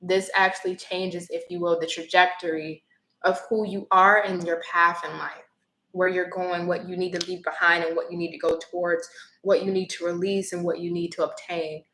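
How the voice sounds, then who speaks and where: A woman's voice: on the low side, flat delivery, moderate pace, fairly bright tone. Chatty woman reading tarot in an echoey room. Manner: chatty, blunt, laughs easily. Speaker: tarot reader. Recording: echoey room with faint noise.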